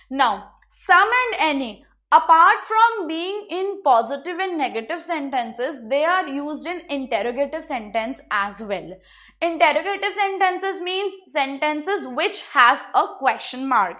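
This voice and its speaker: A woman's voice: high-pitched, fairly bright tone, dull audio. A woman with an Indian English accent teaching English grammar, explaining patiently and repeating each point with examples. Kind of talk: classroom grammar lesson.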